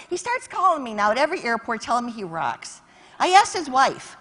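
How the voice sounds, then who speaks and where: A middle-aged woman giving a lively storytelling keynote on a conference stage, acting out phone calls and shouting her punchlines. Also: fairly high pitch, a little fast. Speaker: keynote speaker.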